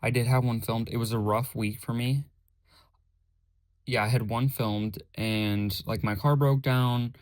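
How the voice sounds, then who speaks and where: A man's voice: medium pitch, measured pace, no room sound. Young man rambling on a solo podcast. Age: young adult. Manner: rambling, self-correcting, says his voice is monotone. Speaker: podcast host. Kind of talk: casual solo podcast chat.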